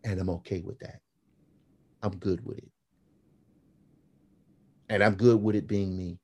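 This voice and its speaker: Deep, slightly rough, and a bit slow, the voice belongs to a man in his fifties. He's a graphic novelist chatting casually as a podcast guest, animatedly telling stories and acting out what people said.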